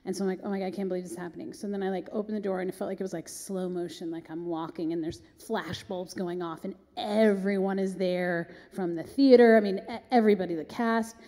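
A woman telling a long, animated backstage story on stage, chatty and breathless, often acting out the other voices. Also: medium pitch, fairly quick, few pauses. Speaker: guest performer. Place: synagogue hall. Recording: echoey hall, long reverb.

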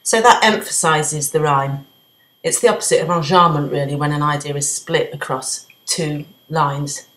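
A woman gives a revision lesson on a poem, laying out each point in clear, methodical steps. Her voice sits low, and the room around her is echoey. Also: fairly even intonation, normal speed, fairly bright tone. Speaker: English literature teacher.

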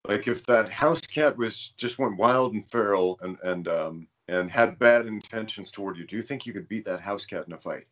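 A man's voice: on the low side, moderate pace, few pauses, fairly bright tone. A man hosting a podcast, telling a rambling story in casual conversation and stumbling over his words now and then. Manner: rambling storyteller, self-aware about stuttering. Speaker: podcast host.

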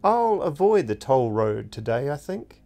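A man's voice: medium pitch, sing-song, a little slow, warm tone, pitched above the performer's own voice. A man voicing a young street messenger boy, polite and ready with a quip. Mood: plucky.

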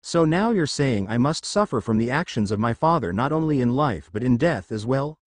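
A man's voice: medium pitch, expressive, moderate pace, no echo, close to an everyday voice. A man voicing a hot-tempered young male ninja who talks in a defiant, taunting way. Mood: furious taunting.

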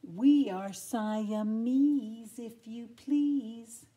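Grandma doing sneaky siamese cats, slow drawly singsong, mellow tone. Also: female voice, fairly high pitch. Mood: sneering. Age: older. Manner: slow sing-song drawl. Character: sly hissing pair of Siamese cats.

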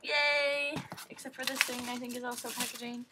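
A woman opening a package for her vlog, gushing and excitable, often squealing. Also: fairly high pitch, moderate pace, few pauses, heavy background noise. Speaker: vlogger.

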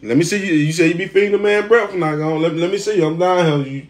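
A man's voice: sits high, fast. A man, teasing a family member in casual vlog banter. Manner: teasing, drawling Southern slang.

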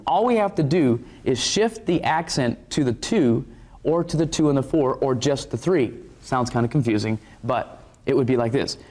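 A man's voice: medium pitch, animated, moderate pace, a little mellow. A man teaching viewers about musical rhythm, explaining step by step and counting beats aloud. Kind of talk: instructive talk to viewers.

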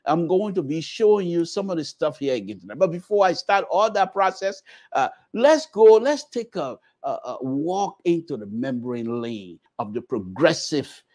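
A man's voice: fairly high pitch, sing-song, moderate pace, a little mellow. A middle-aged Liberian man hosting a radio talk show, talking in a folksy, repetitive, preacher-like way. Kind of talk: opening prayer then casual monologue.

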